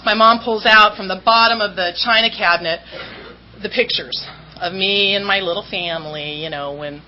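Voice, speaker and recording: A woman's voice: mid-range voice, moderate pace, muffled recording, a little hiss or hum. A woman from Southern California candidly telling her recovery story at a meeting, self-mocking and acting out what people said.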